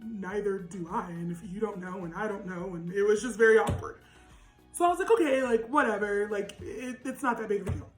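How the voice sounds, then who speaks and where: A young woman with a naturally loud voice telling a storytime vlog, animated and laughing, with lots of "like". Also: medium pitch, a little fast, roomy sound, faint music behind, poor audio. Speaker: vlogger.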